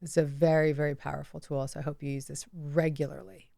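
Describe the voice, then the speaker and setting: A woman teaching guided relaxation, coaching softly and slowly with breath cues. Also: low voice, flat delivery, vocal fry, no room sound, studio quality. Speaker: self-help teacher.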